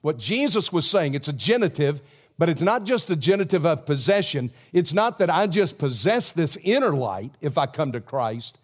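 A man with a Southern accent preaching a sermon as pastor, swinging from loud emphasis to a hushed prayer. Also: fairly high pitch, sing-song, normal speed. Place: church sanctuary.

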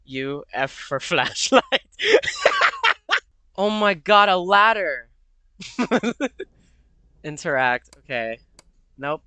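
A man's voice: a little high, lively intonation, very slow, pauses often, bright, forceful tone, clean tone, no echo. A young man commenting on his own horror game play, jumpy and profane, with nervous laughter and sudden yelps. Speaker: gamer.

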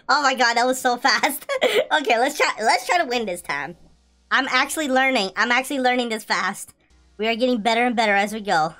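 A woman giving excitable gameplay commentary, laughing, pleading and shouting as she plays. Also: on the high side, brisk. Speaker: gaming video creator.

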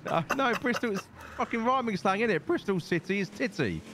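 A man's voice: sits high, lively intonation, brisk, noisy background. A man roleplaying in a game, joking, teasing and swearing with his friends. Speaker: streamer roleplaying.

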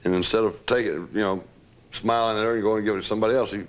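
An older man being interviewed, telling lively anecdotes with laughter and the odd curse. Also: fairly low pitch, racing. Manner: animated storyteller, laughs, swears. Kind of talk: recounting stories.

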